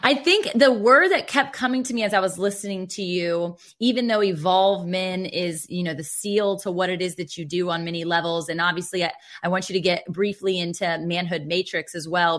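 A woman's voice: lowish voice, moderate pace, fairly bright tone. A woman hosting a podcast, effusive and talking in long, winding questions to her guest. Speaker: podcast host. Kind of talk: casual interview chat.

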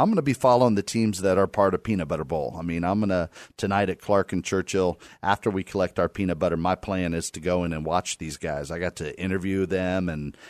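A man's voice: low voice, dry recording, clean studio sound. A man hosting a podcast, chatting casually about sports and laughing easily. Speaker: podcast host.

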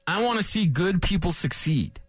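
A man in his forties hosting a sports radio show, rambling and animated, correcting himself as he goes. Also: sits high, moderate pace, slightly rough, no room sound. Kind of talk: casual sports talk radio monologue. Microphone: studio microphone.

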